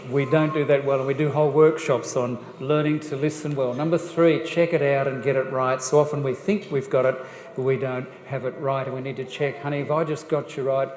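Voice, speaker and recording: A man giving a jokey, lively church seminar talk on family life, putting questions straight to the audience. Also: medium pitch, a little fast, a little hiss or hum. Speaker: guest speaker on family life. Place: church hall. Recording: echoey church hall, faint ambience.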